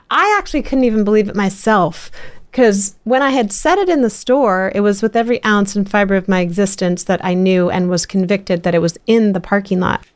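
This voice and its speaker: A middle-aged woman hosting a podcast, telling a story in lively, animated bursts full of restarts. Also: mid-range voice. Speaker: podcast host. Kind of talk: casual interview chat.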